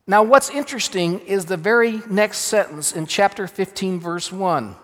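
A man, a pastor, preaching a sermon with emphatic swings between loud and hushed delivery. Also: sits high, normal speed. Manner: emphatic, dramatic shifts in loudness. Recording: long reverb of a large hall.

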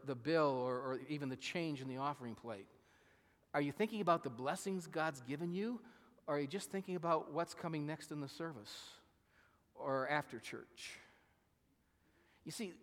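A man preaches in a relaxed, talky way, turning to his listeners with questions as he goes. His voice sits a little higher than most men's. Everything rings with the long reverb of a big church hall. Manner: conversational, asks the congregation questions. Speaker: pastor. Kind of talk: sermon. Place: church sanctuary.

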